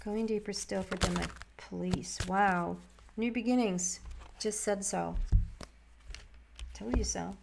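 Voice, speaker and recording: A woman's voice: medium pitch, fairly even intonation, slow, creaky, long pauses, noisy background. A woman giving a casual, rambling tarot reading to camera, often restarting her words. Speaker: tarot reader.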